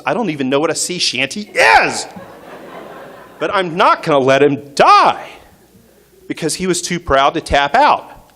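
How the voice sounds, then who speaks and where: A man's voice: mid-range voice, a bit bright. A man telling a true story on stage at a story slam, in short punchy sentences with rising intensity. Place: stage at an arts center.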